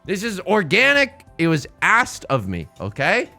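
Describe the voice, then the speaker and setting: A young man chats casually while he plays, his voice slightly high and very bright. His pitch swoops up and down as he rambles through stories and corrects himself on the fly. Faint game music plays underneath. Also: creaky. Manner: animated, rambling storyteller with quick self-corrections. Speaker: streamer. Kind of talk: casual chat while playing online mahjong.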